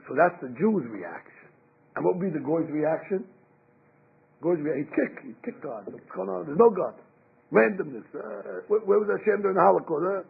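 Gravelly high-voiced man preaching, lo-fi. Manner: emphatic, acts out quotes, mixes Hebrew terms. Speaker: rabbi giving a Torah class. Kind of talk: animated sermon. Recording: lo-fi phone-like recording.

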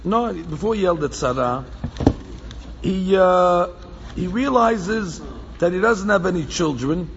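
A man teaching a Torah class to a small group in an animated way, repeating phrases for emphasis and mixing in Hebrew quotes. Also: high voice, unhurried, gravelly. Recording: echoey hall, dull lo-fi sound with faint background hum.

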